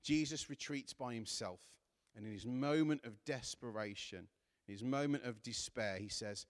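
A man's voice: mid-range voice, moderate pace. A man preaching a sermon, reading scripture aloud with earnest, building emphasis. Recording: long hall reverb.

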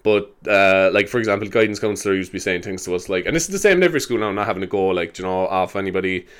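A man's voice: sits low, clear, resonant tone. An Irish man in his twenties hosting a casual solo podcast, rambling from one thought to the next, swearing freely and laughing often. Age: 20s. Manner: rambling, sweary, quick to laugh, with many fillers. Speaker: podcast host.

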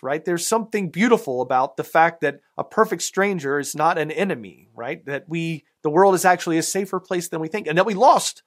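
A man with a Southern American accent preaching a sermon as pastor, in a conversational way with many fillers and asides. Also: on the high side.

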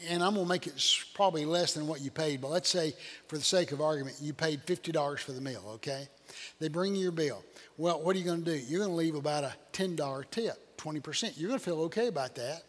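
A man, a pastor preaching a sermon as a folksy, animated storyteller. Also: a little high, in a large hall.

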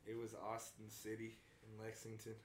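A man's voice: fairly low pitch, completely flat delivery, normal speed. Guy, co-host, exasperated tale-teller, room echo and light hiss. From Kentucky. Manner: exasperated, profane storyteller. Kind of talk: casual storytelling chat. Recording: echoey room with faint background hum.

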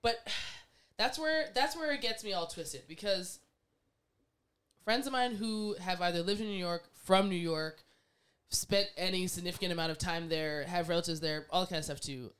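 Woman guest, casual chat, lively and opinionated, smooth resonant tone. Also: lowish voice, moderate pace. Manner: animated, acts out quoted voices, laughs often.

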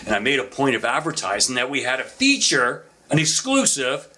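A middle-aged man on a podcast, telling stories in a casual, animated way with lots of fillers. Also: mid-range voice, fairly quick, faint music behind. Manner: animated anecdotal storyteller with frequent fillers. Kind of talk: casual storytelling chat.

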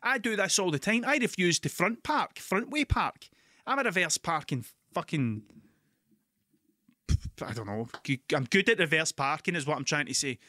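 A Scottish man hosting a podcast, telling stories in an animated, sweary, ranting way. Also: fairly high pitch, no room sound, studio quality. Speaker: podcast host. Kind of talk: casual monologue.

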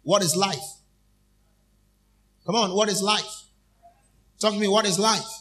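A man's voice: sits high, steady tone, a bit bright. Man preaching call-and-response. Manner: call-and-response, repeating phrases to the congregation; emphatic, drawn-out key phrases. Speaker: minister. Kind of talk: sermon.

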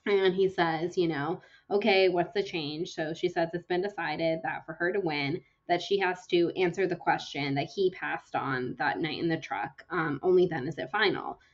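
Gushing woman podcast host, lo-fi sound. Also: on the low side. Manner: excited, gushing, quick retelling with laughter. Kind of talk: casual chat, gushing book recap.

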